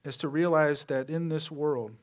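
Male pastor, slightly high voice, talky sermon full of rhetorical questions, trails off softly at phrase ends. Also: steady tone, moderate pace. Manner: conversational preaching with rhetorical questions.

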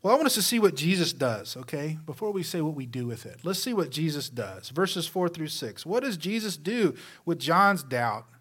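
A male pastor preaching a conversational sermon, asking rhetorical questions and letting his voice fall soft at the ends of phrases. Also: fairly high pitch, very animated, moderate pace, hardly any pauses, slightly rough.

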